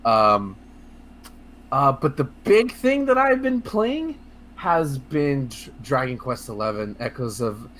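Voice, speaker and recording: A man co-hosting a casual video game podcast, talking in a rambling, excitable way with lots of fillers, restarts and swearing. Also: mid-range voice, slow pace, a little hiss or hum. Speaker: podcast co-host. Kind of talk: casual podcast chat about video games.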